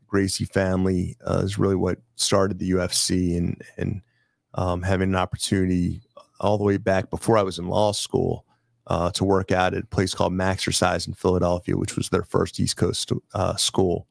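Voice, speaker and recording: A man hosting a casual studio chat, brisk and jokey as he runs through a list of items. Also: sits low, completely flat delivery, gravelly, no echo. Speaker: host. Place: studio filled with sports memorabilia.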